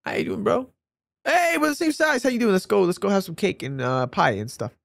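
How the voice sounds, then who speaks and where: Gravelly, excitable man reacting to a game. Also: high-pitched, brisk, dry recording. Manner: excitable, joking, swearing reactions. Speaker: let's play gamer. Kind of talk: casual game commentary.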